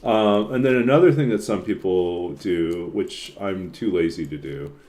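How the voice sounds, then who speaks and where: A man's voice: low voice, unhurried, darkish tone. A man streaming a game and chatting casually, rambling with lots of filler words and frequent chuckles. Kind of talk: casual chat while playing.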